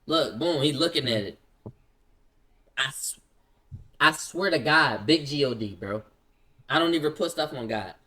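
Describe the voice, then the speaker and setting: A man telling a story in casual chat, acting out the quoted lines in quick excited bursts. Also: fairly high pitch, far from the mic. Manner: acts out quoted dialogue, rapid excited bursts.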